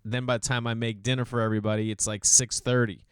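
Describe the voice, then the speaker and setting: A man in his thirties hosting a podcast, telling stories in a casual, animated monologue and slipping into mocking voices for the people he quotes. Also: mid-range voice, fast talker, clear, resonant tone, no echo, studio quality. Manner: animated storytelling, mimics voices. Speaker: podcast host.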